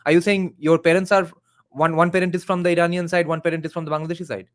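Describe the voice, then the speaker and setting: A man's voice: on the high side, little pitch movement, fast talker. A man who hosts a live reaction video, talking in a conversational way and reading viewer comments aloud.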